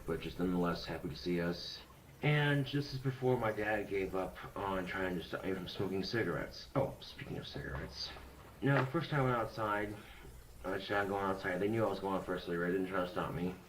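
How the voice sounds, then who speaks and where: A man's voice: deep voice, slight background noise, rough recording. A young man talking casually into a webcam, rambling and blunt, swearing often. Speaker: vlogger.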